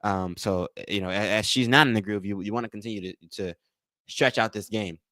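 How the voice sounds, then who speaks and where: A man's voice: fairly low pitch, a little fast, sharp tone, no room sound. Man in a dry, close casual game commentary. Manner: repetitive, addresses chat as y'all, thanks donors. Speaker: livestream host. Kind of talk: casual live play-by-play watch-along commentary.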